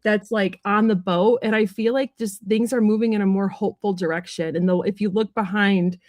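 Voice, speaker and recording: A woman's voice: mid-range voice, fairly even intonation, a little mellow, dry recording. A woman tarot reader on a livestream, bubbly and chatty, giving a card reading. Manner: bubbly, chatty, quick to laugh.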